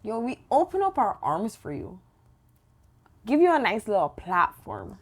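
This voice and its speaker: A woman, bantering on a podcast in an expressive way with bursts of slang. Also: medium pitch, a little slow, husky. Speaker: podcast co-host.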